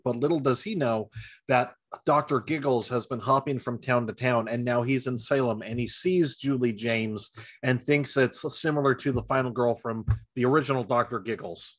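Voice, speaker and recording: A man's voice: mid-range voice, no echo. A man co-hosting a podcast in casual comedic chat, laughing often and steering the conversation with questions. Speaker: podcast co-host.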